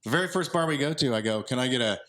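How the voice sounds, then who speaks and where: A man with a bright, lively voice that swings up and down tells a joking story in casual chat. He chimes in easily with quick reactions. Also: mid-range voice.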